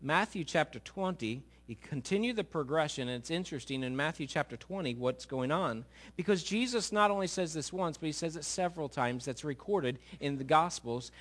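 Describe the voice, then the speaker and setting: High-voiced, animated male preacher. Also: fairly quick, hardly any pauses. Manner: animated, conversational, asks the audience questions. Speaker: pastor. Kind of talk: sermon.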